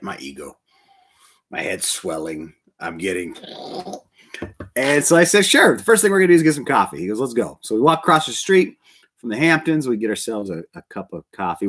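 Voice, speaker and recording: Animated male preacher telling a story. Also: lowish voice, breathy edge. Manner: animated storyteller, quoting others. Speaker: pastor. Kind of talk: storytelling sermon.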